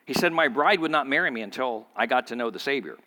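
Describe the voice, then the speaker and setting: Preaching a sermon in a large hall, this pastor speaks fast and expressively with a bright, forceful tone. He narrates a story to his congregation, voicing its characters with sudden pitch jumps.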